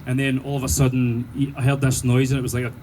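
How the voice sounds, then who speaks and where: A man with a Glaswegian accent doing sweary, animated stand-up storytelling and laughing through his punchlines. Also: medium pitch, fast talker, very noisy. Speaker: stand-up comedian.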